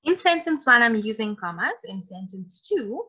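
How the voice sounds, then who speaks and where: Her voice is fairly high, husky, and sharp as she leads an online class at a normal speed, very animated throughout. She encourages her students warmly and chats while reading their messages aloud, all over lo-fi call audio.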